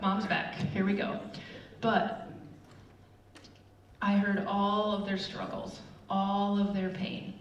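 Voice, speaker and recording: A woman's voice: mid-range voice, measured pace. Woman telling stories in a roomy hall. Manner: chatty, animated storytelling with many fillers. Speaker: church speaker. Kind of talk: casual sermon with personal stories. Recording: roomy, distant, dull with faint room noise.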